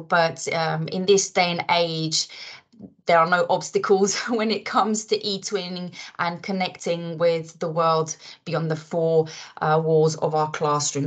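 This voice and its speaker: A woman from Croatia co-hosting a webinar over a video call, friendly, laughing often and filling pauses with "um". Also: lowish voice. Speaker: webinar co-host.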